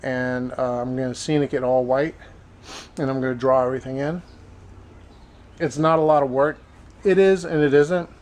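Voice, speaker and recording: A man chatting casually in a vlog, retelling his errands in an animated way. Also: medium pitch, moderate pace, long pauses, poor audio. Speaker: vlogger.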